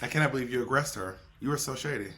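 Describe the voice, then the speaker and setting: A man co-hosting a casual chat show, animated and joking, often tripping over his words. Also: medium pitch, very fast, a little hiss or hum. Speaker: podcast co-host.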